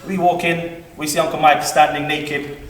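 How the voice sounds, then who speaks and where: A man's voice: on the high side, level tone, moderate pace, distant mic. Man giving a eulogy in an echoey hall. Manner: rambling and heartfelt, livening up when quoting his uncle. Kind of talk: funeral eulogy. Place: large hall at a funeral service. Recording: echoey hall, heard from afar, faint room noise.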